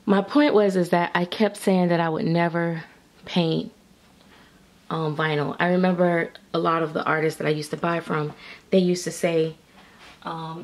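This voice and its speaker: A middle-aged woman with a lowish, fairly even voice talks at a moderate pace. She's a reborn doll artist and vlogger chatting casually with her viewers, rambling, restarting often, and using lots of fillers.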